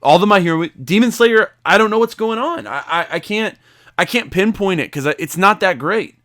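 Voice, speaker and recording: A young man chats on a podcast, his voice sitting a little high for a man. He talks casually and gets excitable, breaking into loud outbursts when he relives a moment. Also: a little fast. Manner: excitable, shouting when retelling his reactions. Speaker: podcast co-host. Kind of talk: casual chat.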